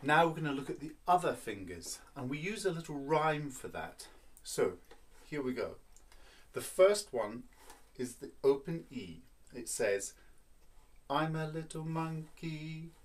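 A man's voice: mid-range voice, sing-song, measured pace, husky. A man teaching a children's violin lesson, patient and playful, counting beats and explaining step by step.

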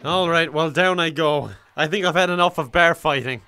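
Irish man, twenties, high voice, bright tone, joking gameplay commentary, excitable. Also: moderate pace, a little hiss or hum. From Ireland. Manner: excitable, joking, often laughing and yelling. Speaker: gaming YouTuber.

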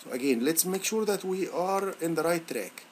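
A male instructor walking students through a software lab on screen, halting and encouraging, with many fillers and restarts. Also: on the high side, lively intonation, slight background noise. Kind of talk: screen-recorded software tutorial.

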